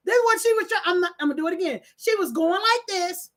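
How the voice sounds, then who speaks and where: A middle-aged woman, talking on a live stream, preachy and animated, reading out the chat and breaking into laughs and shouts. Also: very high voice, fast.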